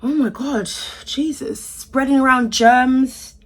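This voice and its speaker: A woman's voice: high voice, fairly even intonation, takes it slowly. A young British woman from the UK giving sassy, outraged celebrity commentary in a casual vlog, with exaggerated reactions. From United Kingdom. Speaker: commentary vlogger.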